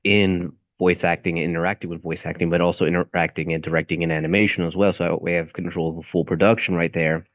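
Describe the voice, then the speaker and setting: A man's voice: low-pitched, little pitch movement, fast talker, few pauses, no room sound. A young man and voice acting student chatting casually, rambling and searching for words. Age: young adult. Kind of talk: casual chat. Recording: dull lo-fi audio.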